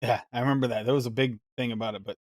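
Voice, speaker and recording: A man's voice: medium pitch, steady tone, very fast, dry recording, studio quality. A man hosting a live mixing show, chatting casually and reading recipes aloud in a rambling, musing way. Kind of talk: casual live-stream chat.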